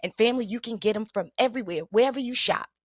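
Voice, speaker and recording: Chatty woman podcast host, somewhat high voice. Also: rapid-fire. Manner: chatty, calls listeners "family"; drops to a hushed voice for emphasis. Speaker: mental health podcast host. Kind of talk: casual motivational monologue.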